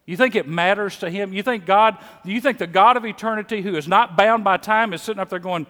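Middle-aged Southern preacher, fairly high voice, folksy sermon, long echo of a big church hall. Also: male voice, brisk, hardly any pauses, pushed and bright. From Mississippi. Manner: conversational, repeats words when starting a sentence. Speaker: pastor. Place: church sanctuary.

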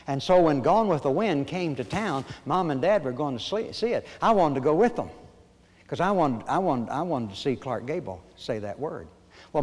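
An older pastor delivers a sermon with a slightly raised pitch. He slides from homespun storytelling into slow, emphatic declarations punctuated by dramatic pauses. His voice rings out with the long reverb of a large hall. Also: darkish tone. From Arkansas, USA.

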